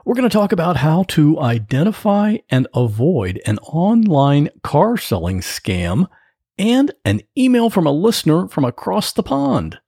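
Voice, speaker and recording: A man's voice: a little high, sing-song, a little slow, dark tone, breathy edge, no room sound, studio quality. A man hosting his own podcast about computers, talking in a chatty, folksy, plain-spoken way from his home office. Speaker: podcast host, computer repair tech. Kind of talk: solo podcast monologue.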